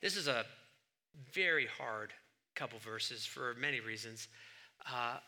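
A middle-aged man preaching a sermon, swinging between loud emphatic bursts and quiet asides. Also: medium pitch, animated, unhurried. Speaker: pastor.

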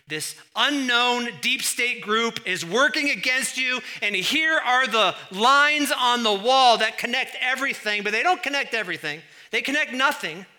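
A man preaching a sermon in an animated, emphatic way, full of rhetorical questions. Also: high voice. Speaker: pastor.

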